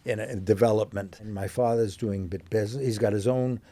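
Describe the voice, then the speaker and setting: Older American man, deep-ish voice, rambling anecdotal guest, New York roots. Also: steady tone, brisk, mellow. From New York, USA. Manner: rambling, with many fillers and restarts, chuckling. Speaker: interview guest, actor. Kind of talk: casual anecdotal storytelling.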